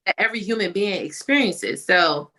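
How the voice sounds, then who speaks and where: A woman co-hosting a conversation, reflecting aloud in an animated way. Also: mid-range voice, normal speed. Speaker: co-host. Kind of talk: casual talk-show conversation.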